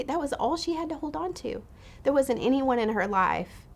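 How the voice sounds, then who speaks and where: A woman leading a pregnancy support ministry, telling heartfelt stories in an earnest, personal way. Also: medium pitch. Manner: earnest, heartfelt retelling with quoted voices. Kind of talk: personal storytelling talk.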